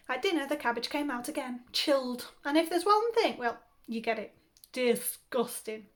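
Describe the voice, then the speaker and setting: Brief: a teacher reading a comic children's story aloud, high-voiced and playful. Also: female voice, moderate pace. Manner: animated, playful comic timing. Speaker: primary school teacher.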